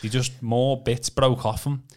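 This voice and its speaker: A man from Birkenhead, telling his testimony on a podcast in a casual, animated way with stammering repeats. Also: mid-range voice, measured pace. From Birkenhead, England. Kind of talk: casual storytelling.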